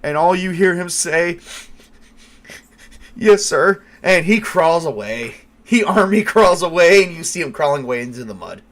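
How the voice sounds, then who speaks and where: A man narrating as game master with lively storytelling. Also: on the high side, moderate pace, hardly any pauses.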